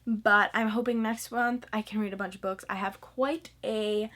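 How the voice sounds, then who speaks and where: A woman's voice: medium pitch, fairly even intonation, moderate pace, pushed and bright. A teenage girl chatting in a casual, gushing way about books she read, with lots of "like" fillers. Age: teen. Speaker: book vlogger. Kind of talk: casual book review vlog.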